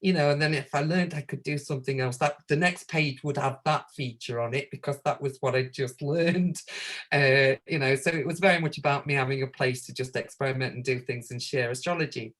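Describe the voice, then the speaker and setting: A woman from the UK, a guest astrologer in an interview, telling lively stories and acting out the phone calls she describes. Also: very deep voice, a little fast. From United Kingdom. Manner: lively anecdote-teller who acts out quoted phone calls and laughs often. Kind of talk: casual interview storytelling.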